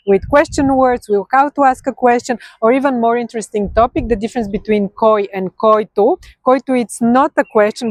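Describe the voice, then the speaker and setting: A woman with a Bulgarian accent teaching grammar to learners, chatty, checking in with "okay?" and slowing down to pronounce example words. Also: mid-range voice, dry recording. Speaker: language teacher.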